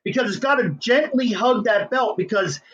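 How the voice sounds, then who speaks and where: A middle-aged man, an inventor telling his story as an interview guest in an excitable, hyper way. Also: high voice, normal speed, dull audio.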